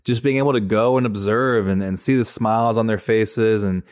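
Low-voiced man in casual chat. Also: moderate pace, smooth, dry recording, studio quality. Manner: relaxed, teasing, storytelling with many fillers. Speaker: co-host, faculty member.

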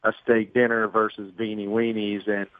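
A man's voice: lowish voice, level tone, normal speed, no echo. Man on a phone line. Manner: storytelling, self-deprecating, chatty. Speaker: sportscaster guest. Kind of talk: phone-in radio interview.

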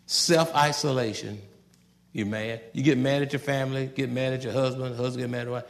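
A man preaching a sermon in a folksy, conversational way, swinging from loud outbursts to soft asides and laughing at his own jokes. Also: mid-range voice, fairly even intonation, fairly quick, vocal fry, big-room sound. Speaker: pastor.

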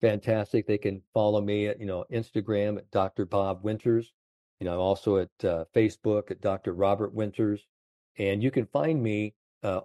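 A man in his seventies, a golf confidence coach, telling animated stories in an interview, full of "you know". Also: lowish voice, no echo, studio quality. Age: 70s. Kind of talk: storytelling interview chat.

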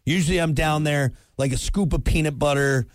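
A man's voice: on the high side, brisk, dry recording. A man hosting a morning radio show, joking and grumbling in casual banter with his co-host. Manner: joking, grumbles about audio.

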